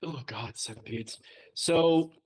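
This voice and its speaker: A man co-hosting a casual podcast, launching into a quick, animated story full of asides. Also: a little high, slightly rough. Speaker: podcast co-host.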